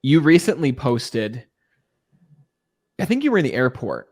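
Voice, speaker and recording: A man's voice: medium pitch, sing-song, a little slow, a little mellow, no room sound, studio quality. A man hosting a podcast, enthusiastically posing long, layered questions to his guest. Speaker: podcast host. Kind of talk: interview conversation.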